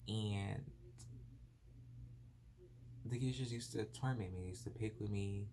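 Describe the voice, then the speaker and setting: A man's voice: lowish voice, measured pace, warm tone. A man talks straight into his phone, telling a story from his own life in loose, rambling chat. He fills his sentences with "like" and slips into other people's voices as he goes. A faint hiss sits under his voice. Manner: rambling, lots of "like" fillers, acts out voices in stories. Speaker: vlogger. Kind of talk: casual personal storytelling.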